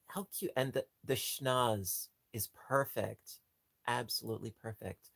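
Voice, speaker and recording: A man chats casually as a livestream host in a mid-range voice, rambling along with restarts and ums. He keeps gushing and breaking into squeaky high squeals. The sound is dry and close, with no room echo. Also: steady tone, a little slow, gravelly, a bit bright. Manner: gushing, jumps to squeaky high pitch on cute things.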